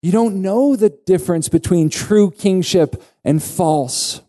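A man voicing a stern male teacher rebuking a follower, slow and deliberate. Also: sits high, dark tone, voice pushed up.

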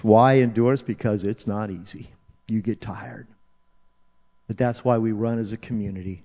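A man's voice: on the low side, steady tone, moderate pace, mellow. Man, pastor, sermon, earnest, repeats for emphasis, long hall reverb. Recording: dull, reverberant hall recording.

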